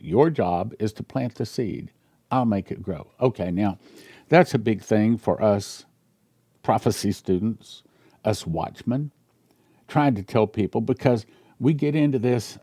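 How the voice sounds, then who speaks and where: An older male pastor with a gravelly, earnest voice, reading a dream account aloud as part of a sermon. His tone turns hushed and emotional when he shares a personal memory. The sound is dry and close. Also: medium pitch, no room sound. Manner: earnest, grows emotional and quiet when telling a personal story.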